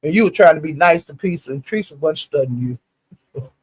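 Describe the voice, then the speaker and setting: Fairly quick and animated, the man's slightly high, somewhat rough voice is recorded dry. Recapping online live-stream drama, he gossips casually, curses freely, and keeps calling out "honey" and "child."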